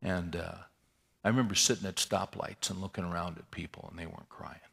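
A man's voice: low voice, steady tone, brisk, vocal fry, a bit bright, breathy edge. A man preaching, telling a personal story candidly and conversationally, with wry humor.

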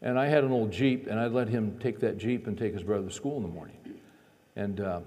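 A middle-aged man, a pastor, preaching a sermon and telling a family story, moving between loud preaching and quiet asides. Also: on the low side, fairly quick. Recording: long echo of a large hall.

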